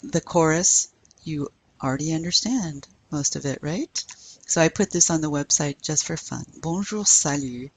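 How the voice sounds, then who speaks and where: A woman's voice: deep voice, normal speed, slight background noise. A woman teaching a recorded language lesson, carefully modeling pronunciation for learners to repeat. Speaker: French teacher.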